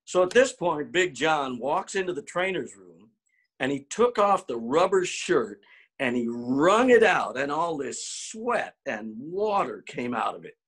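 A man, a former ballplayer, telling an animated clubhouse story, acting out the quotes and stumbling over repeated words when excited. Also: on the high side, a little slow, slightly rough. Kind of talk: anecdotal storytelling.

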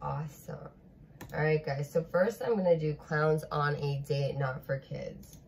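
A woman's voice: deep voice, measured pace, a little mellow, slight background noise. A young woman hosting a reaction video, chatting casually, giggly and squeamish.

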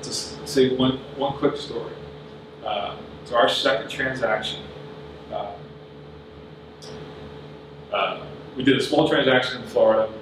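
Speaking slowly with long pauses, a medium-pitched conference speaker gives the audience direct, earnest advice in a business talk at a summit. The recording from the large hall is very echoey, with his voice distant and noise clearly audible.

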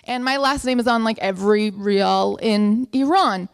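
A woman's voice: medium pitch, a little slow, gravelly, clean tone. A young woman telling a funny story live, acting out her family members' voices.

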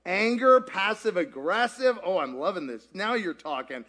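A man's voice: high-pitched, expressive, normal speed, pushed and bright. A man leading a church teaching session, playful and jokey, asking the audience questions and repeating their answers. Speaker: pastor leading a group discussion. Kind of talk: interactive teaching talk with audience.

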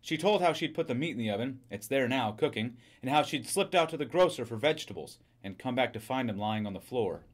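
A man reading a short story aloud in a steady, even storytelling manner. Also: medium pitch, fairly quick, few pauses. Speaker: reader.

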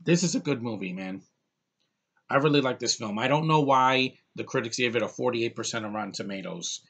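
Male movie reviewer, casual vlog delivery, excitable and gushing, trips over his words, middle-of-the-road pitch. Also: brisk, gravelly. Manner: excitable, gushing, rambling with restarts.

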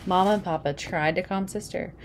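A woman's voice: lowish voice, brisk, background noise. Woman reading a picture book aloud. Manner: casual asides explaining the pictures. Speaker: storybook reader.

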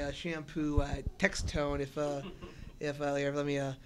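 A young man from Cincinnati, a radio and podcast host, talking excitedly and rambling with many restarts in an interview on a convention floor, holding a handheld mic. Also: fairly high pitch, moderate pace, background noise. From Cincinnati, USA. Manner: energetic, rambling, with repeated restarts. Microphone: shared handheld mic.

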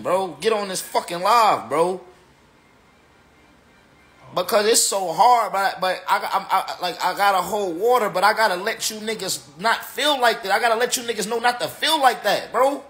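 A tipsy battle rapper rants on a livestream in a high, slightly bright male voice. He's been drinking, and his casual delivery is emphatic, repetitive and full of slang.

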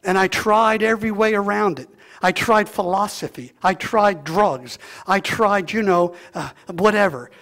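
Gravelly high-voiced preaching pastor. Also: male voice, unhurried. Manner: swings from hushed near-whisper to loud impassioned preaching. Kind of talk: sermon.

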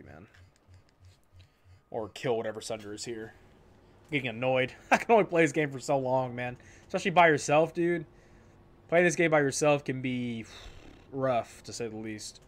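A young man giving solo gameplay commentary, exasperated and sarcastic, with frequent outbursts at the game. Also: on the high side. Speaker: gaming YouTuber.

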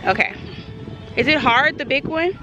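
A woman's voice: high-pitched, moderate pace. A woman in her thirties filming a casual family vlog outdoors on a farm with a handheld phone, talking in a playful, upbeat, joking way. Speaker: vlogger. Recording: loud background music over vlog. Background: loud music.

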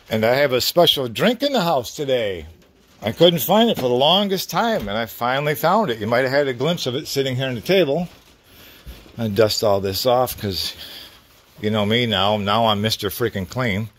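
A middle-aged garage vlogger talks in a medium-pitched, animated voice at normal speed, with a fairly bright tone. He rambles casually about his workshop while working on tools in his home garage, cursing mildly now and then. It's recorded on a phone camera.

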